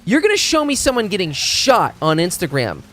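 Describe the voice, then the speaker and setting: A man's voice: high-pitched, huge pitch swings, fairly quick, a bit bright, soft background music. A man streaming games in a rambling, profane chat, stumbling over his words and restarting sentences. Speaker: game streamer. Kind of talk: casual live-stream chat.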